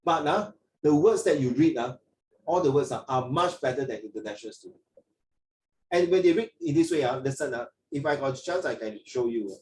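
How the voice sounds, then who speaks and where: A man's voice: medium pitch, animated, a little fast, darkish tone, reverberant, far from the mic, a little hiss or hum, rough recording. A man with a Singaporean English accent tutoring children in an online English lesson, rambling with many fillers and restarts. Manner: rambling, frequent fillers and restarts, mixes in Mandarin.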